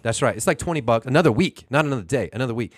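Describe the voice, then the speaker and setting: Animated man telling an indignant story. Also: medium pitch, rapid-fire, no room sound, clean studio sound. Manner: animated, indignant storyteller, asks rhetorical questions. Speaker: podcast co-host. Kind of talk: casual chat, storytelling.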